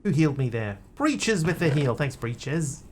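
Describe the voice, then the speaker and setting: A man's voice: a little high, very animated, measured pace, slight background noise. A man streaming a game, chatting playfully with viewers and cracking jokes as he plays. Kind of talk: casual gameplay commentary.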